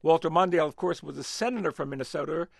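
A man's voice: a little high, quick pace, creaky, no echo, clean studio sound. A man talking politics as an analyst on a radio talk show, hesitant with many fillers and restarts.

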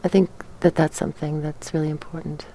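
A woman's voice: low-pitched, little pitch movement, a little fast, warm tone, a little hiss or hum. A woman in her sixties, a teacher and grandmother, speaking thoughtfully with some hesitation. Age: 60s. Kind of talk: interview.

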